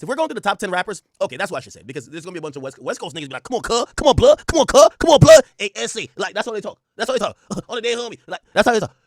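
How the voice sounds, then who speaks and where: Man ranting loudly, high and lively. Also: no room sound, studio quality. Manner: animated, profane ranting; repetitive, emphatic. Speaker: host. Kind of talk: reaction commentary.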